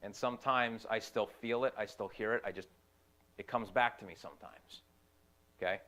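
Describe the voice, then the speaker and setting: A young man, a youth ministry volunteer, giving a personal testimony in an earnest, halting way, often repeating his phrases. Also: lowish voice, fairly bright tone.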